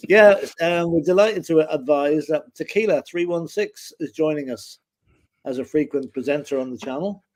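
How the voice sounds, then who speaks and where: A man's voice: a little high, moderate pace, darkish tone. A man from Ireland co-hosting a casual sports livestream, with a dry, wry humor. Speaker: livestream co-host.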